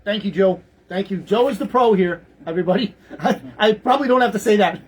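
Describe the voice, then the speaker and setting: Husky rambling male talk radio host. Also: sits high, brisk, low-quality recording. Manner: rambling, repeats words, chuckles. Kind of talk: casual talk radio commentary.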